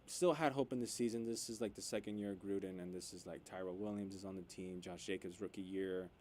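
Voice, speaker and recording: A man co-hosting a radio sports show, chatting casually and getting loud and animated when worked up. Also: deep voice, fast talker, slight background noise. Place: radio studio.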